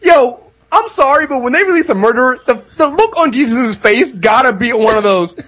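Guy on a comedy podcast, cussing and rambling through stories, super high voice, bouncy delivery. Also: animated, a little fast, a bit bright. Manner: profane, storytelling, frequent restarts. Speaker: podcast co-host. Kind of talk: casual comedy chat.

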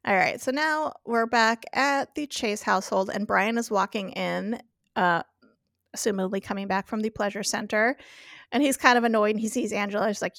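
A woman's voice: mid-range voice, moderate pace, gravelly, no echo, clean studio sound. A woman hosting a podcast, recapping a TV episode in casual chat, laughing often and acting out the characters' lines. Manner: giggly, acts out quotes in animated voices. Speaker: podcast host.

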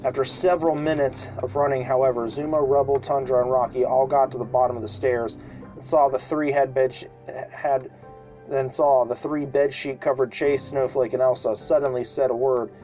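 A man's voice: mid-range voice, fairly even intonation, moderate pace, faint music behind, poor audio. Man reading a kids' story. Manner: unpolished home reading with restarts and loud shouted cries for characters. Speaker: podcast storyteller. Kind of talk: reading a children's story aloud.

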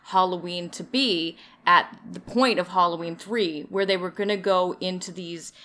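A woman co-hosting a casual movie review podcast, chatty, quick to laugh and act out lines. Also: on the low side, a bit bright. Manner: chatty, laughs easily, acts out characters' lines. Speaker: podcast co-host.

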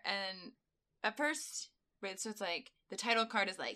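A woman co-hosting a podcast in casual chat, rambling with lots of fillers and quick laughs. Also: medium pitch, steady tone, bright, forceful tone, smooth. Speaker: podcast co-host.

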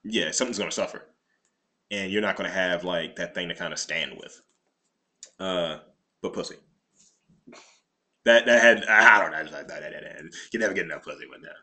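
A man's voice: low-pitched, a little fast, long pauses, bright, forceful tone. A man co-hosting a podcast in casual chat, rambling and often restarting his sentences. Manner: rambling, restarts a lot, laid-back. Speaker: podcast co-host.

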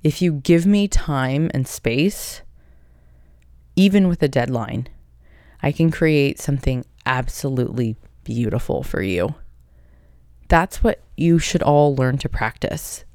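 A woman's voice: extremely low pitch, warm tone, smooth, no echo, clean studio sound. A woman hosting a casual solo podcast, reading out listener questions in a blunt, profane, upbeat way. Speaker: podcast host.

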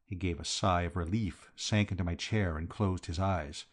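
A man's voice: low-pitched, steady tone, normal speed. A man narrating a classic comic novel as an audiobook. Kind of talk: scripted narration.

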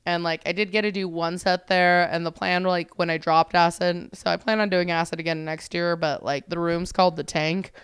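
A woman comedian spins a raunchy story in a relaxed podcast chat, acting out every quote and swearing freely. Her voice is very smooth and clear, and the sound is close and dry with no room echo. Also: lowish voice, normal speed, hardly any pauses. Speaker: comedian guest.

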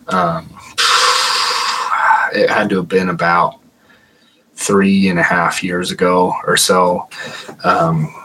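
A man's voice: low voice, sharp tone, slight background noise, low-quality recording. A man, a paranormal investigator, casually telling a story as a podcast guest and saying "like" a lot. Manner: chatty, heavy use of "like".

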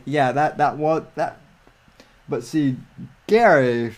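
A man chatting casually on a livestream, rambling with frequent restarts and halting phrases. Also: a little high, lively intonation. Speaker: livestream guest. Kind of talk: casual chat.

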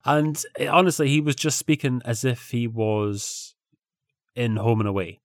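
A man's voice: mid-range voice, little pitch movement, unhurried, no echo, studio quality. A man from England co-hosting a podcast, telling a casual anecdote with hesitant restarts. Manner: hesitant, anecdotal, self-correcting. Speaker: podcast co-host.

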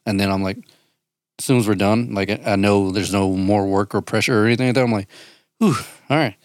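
A man's voice: on the low side, steady tone, fast talker, clear, resonant tone, dry recording, studio quality. A man in his thirties co-hosting a podcast, talking in a casual, profane way, with laughs and restarts. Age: 30s. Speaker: podcast co-host. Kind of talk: casual chat.

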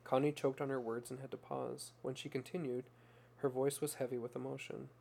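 A man narrating a story in a measured, earnest reading style. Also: mid-range voice, little pitch movement, creaky, a little mellow, a little hiss or hum.

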